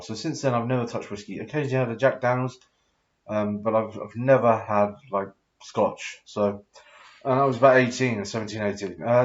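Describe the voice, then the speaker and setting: A man's voice: medium pitch, muffled recording. A tipsy man in his thirties telling a rambling, sweary story full of fillers and hesitations. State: tipsy after drinking. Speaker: vlogger.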